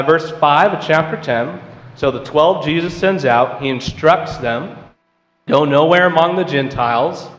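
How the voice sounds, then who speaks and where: A man leads a church Bible class in a relaxed, conversational way, asking questions and reading verses aloud. His voice sits a little high. The sound is roomy, with a long reverb from the hall. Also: slight background noise. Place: church auditorium.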